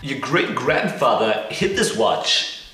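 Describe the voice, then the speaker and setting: A man doing an impression of a famous male film actor, with halting, oddly phrased delivery. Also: mid-range voice, sing-song, bright, forceful tone, full character voice. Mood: deadpan. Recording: echoey room, far from mic, faint music.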